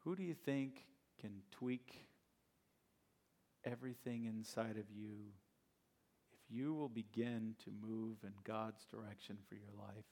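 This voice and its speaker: A male pastor preaching a sermon, retelling the story in an animated, conversational way. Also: on the low side, a little slow.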